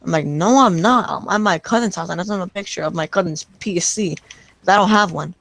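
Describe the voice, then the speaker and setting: A young man casually telling a rambling, excited story over game voice chat, full of restarts and retold back-and-forth. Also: high voice, fairly quick, gravelly, dry recording. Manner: rambling, excited retelling with many restarts and "I'm like".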